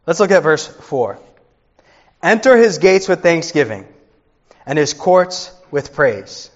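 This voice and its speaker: A man's voice: a little high, very animated, slow, lo-fi sound. A man in his thirties, a pastor preaching a sermon with earnest storytelling.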